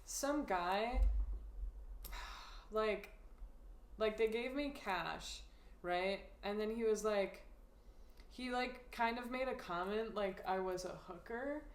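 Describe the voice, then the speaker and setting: A woman's voice: mid-range voice, slow pace, long pauses. Laid-back woman co-host in a roomy space. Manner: laid-back, joking, laughs often. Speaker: podcast co-host. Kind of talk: casual chat. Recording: roomy echo.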